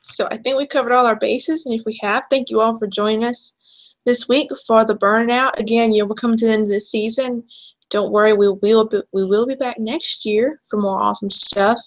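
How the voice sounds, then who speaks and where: A young woman co-hosting a casual chat show, chatty and quick to laugh. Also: fairly high pitch, steady tone, a little hiss or hum. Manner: chatty, laughs easily, trails off and restarts. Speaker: podcast co-host.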